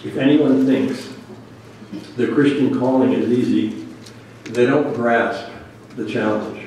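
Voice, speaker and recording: A man's voice: medium pitch, fairly even intonation, takes it slowly, darkish tone. A man delivers a sermon, reading scripture aloud and then pressing his point home earnestly. His voice rings through a very reverberant church hall. He is heard from some distance off the mic, with faint room noise behind him. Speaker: pastor.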